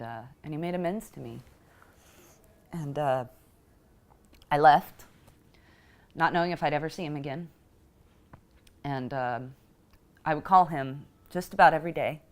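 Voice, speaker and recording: A woman telling a personal story in a reflective, emotional way, pausing often as she speaks. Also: very deep voice. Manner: reflective and emotional, halting with pauses. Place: Houston.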